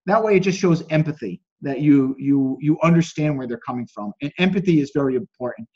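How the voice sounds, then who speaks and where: On a group call with a breathy edge and cut-off highs, a man speaking a little fast coaches casually. He reads chat messages aloud, critiques them, and acts out quoted lines with lively jumps in pitch.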